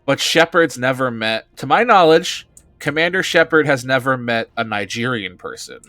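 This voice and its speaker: A man's voice: mid-range voice, animated, moderate pace, bright, forceful tone, dry recording. Rambling male streamer, dry close sound, blunt, game music faint. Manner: rambling, hesitant, restarts, blunt. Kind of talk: casual commentary over a game.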